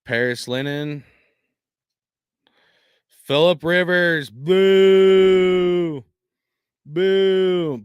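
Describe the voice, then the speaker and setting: A man's voice: medium pitch, smooth, dry recording, studio quality. A young man chatting casually on a live stream while opening football cards, swearing and laughing often. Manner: laughing, swearing, loud exaggerated dismay.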